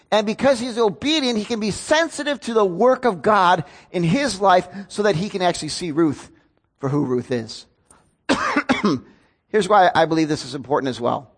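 A man, a pastor preaching a sermon in an earnest, storytelling way. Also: a little high. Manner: earnest, storytelling with rising emotion.

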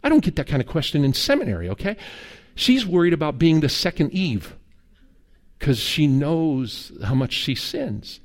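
Animated storytelling male pastor. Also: a little high, moderate pace. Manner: conversational storytelling with humor and quoted dialogue. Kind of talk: sermon.

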